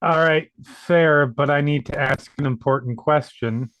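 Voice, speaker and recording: A man at a tabletop game asks deliberate questions. He speaks slowly in a slightly high voice. The recording is close and dry. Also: fairly bright tone, dry recording. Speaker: player. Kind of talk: casual tabletop game chat.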